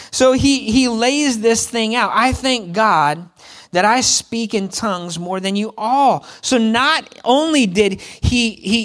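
A man preaching a sermon as a pastor, lively and playful, often asking the congregation questions. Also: very high-pitched.

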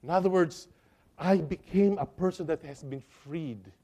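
A man preaching a sermon as a pastor, impassioned and pleading, swinging between loud and soft. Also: fairly high pitch, measured pace.

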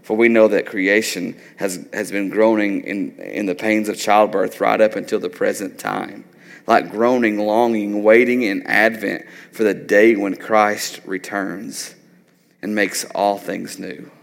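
A man's voice: on the low side, steady tone, measured pace, creaky, big-room sound. A man in his thirties preaching a sermon in a loose, conversational way, often tagging on "like" and "right?". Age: 30s. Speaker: pastor.

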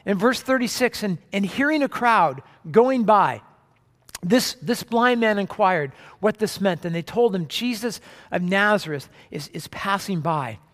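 A man's voice: sits high, expressive, unhurried, a bit bright. A man preaching a sermon as pastor, in a conversational way with frequent restarts, recorded in a church sanctuary. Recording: long hall reverb.

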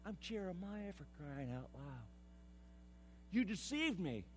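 A man voicing an anguished male prophet railing at God, exasperated and pleading, rising to a shout. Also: sits high, very animated, takes it slowly, slightly rough, voice pushed up, full character voice.

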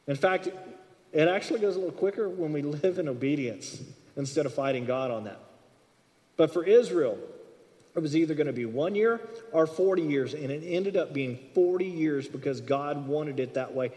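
A man with a high voice preaches in a church, his words ringing out with a long hall reverb. He preaches with animation, acting out little dialogues and swinging between loud and soft. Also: normal speed. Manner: animated, acts out dialogue with shifts in loudness. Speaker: pastor. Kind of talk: sermon.

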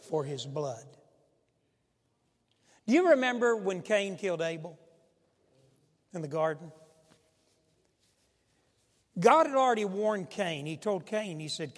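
Impassioned high-voiced preacher in a reverberant hall. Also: male voice, animated, takes it slowly, pauses often. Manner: impassioned preaching, swings from loud to hushed. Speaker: pastor. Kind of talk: sermon.

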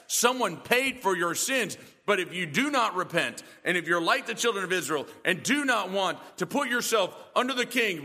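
A man's voice: high voice, sharp tone, long reverb tail. A male pastor preaching a sermon in a church, emphatic and full of rhetorical questions.

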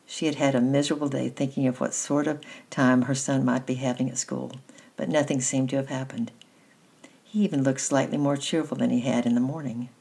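Very low, husky woman reading a story. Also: fairly quick. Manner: steady, gentle storytelling. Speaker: reader. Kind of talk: reading a children's novel aloud.

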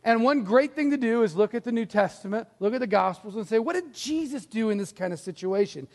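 A middle-aged male pastor with a high-pitched voice preaches in a church sanctuary. He tells stories in an animated way and slips into the voices of the people in them. A long reverb trails his words around the hall. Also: a little fast. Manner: animated storytelling, acts out quoted voices. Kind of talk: sermon.

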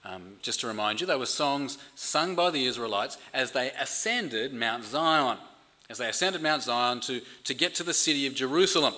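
A man's voice: mid-range voice, lively intonation, normal speed, sharp tone. A man preaching a sermon in an earnest way, often repeating words as he builds emphasis. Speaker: pastor.

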